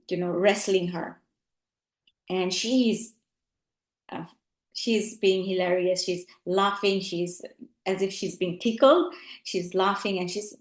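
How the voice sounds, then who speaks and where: A woman coach teaches in a reflective, unscripted way, often pausing on ums and uhs and softening on asides. Her voice sits at a middle pitch. The recording carries a noticeable room echo. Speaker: relationship coach. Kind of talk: teaching talk. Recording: roomy echo.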